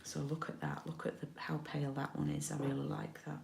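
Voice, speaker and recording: A woman's voice: sits low, level tone, brisk, gravelly, darkish tone, reverberant, slight background noise. A middle-aged woman from the UK giving a casual card-making tutorial, chatty and often checking in with her viewers.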